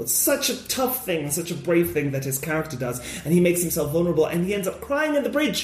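A man's voice: fast talker, few pauses, roomy sound, slight background noise. A man co-hosting a podcast, chatting casually about films and acting out scenes with big jumps in his voice. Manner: animated, acts out movie scenes with big pitch jumps. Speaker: podcast co-host.

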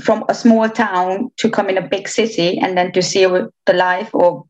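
A woman's voice: medium pitch, steady tone, normal speed, darkish tone. Chatty young woman from Romania. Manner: chatty, hesitant restarts, laughs often. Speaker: interviewee. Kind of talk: casual interview chat. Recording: slightly dull lo-fi sound.

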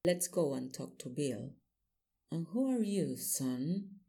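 Man doing a big slow small-town police chief, husky and mellow, unhurried. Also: fairly high pitch, expressive, heavily acted. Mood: calm.

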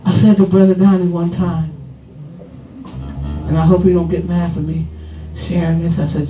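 A man preaching a sermon as pastor, drawing out his phrases slowly and at times half-singing them. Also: on the high side, level tone. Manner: slow, drawn-out preaching that swells into sung phrases. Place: church sanctuary. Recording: echoey, distant, dull church sound. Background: guitar music.

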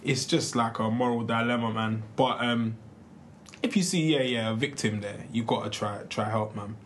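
A man's voice: mid-range voice, steady tone, normal speed, a little hiss or hum. A young man, co-hosting a casual chat, telling stories animatedly with heavy slang and lots of fillers. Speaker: podcast co-host. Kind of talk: casual chat among friends.

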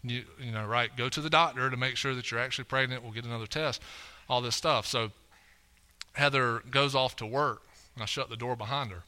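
Young male preacher, casual storyteller, tags lines with "right?", piercingly bright tone. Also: medium pitch, fairly even intonation, brisk. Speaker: preacher at a church. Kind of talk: sermon with a personal story. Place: church auditorium stage.

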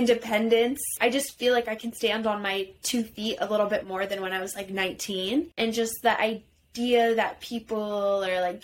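A woman in her twenties with a high, youthful-sounding voice, co-hosting a casual podcast chat, animated and full of "like" fillers. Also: a little hiss or hum. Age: 20s. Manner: animated, rises higher when excited, many "like" fillers. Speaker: podcast co-host.

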